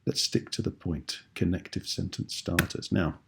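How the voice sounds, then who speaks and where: A man with a British accent teaching a writing lesson in a patient, clear, explanatory way. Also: low-pitched, fairly even intonation, moderate pace, background noise. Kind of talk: tutorial video lesson.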